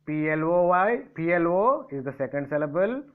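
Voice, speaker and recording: A man's voice: fairly high pitch, expressive, normal speed. A man from India teaching a grammar lesson, spelling out letters and asking and answering his own questions. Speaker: English teacher. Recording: tinny phone-like audio.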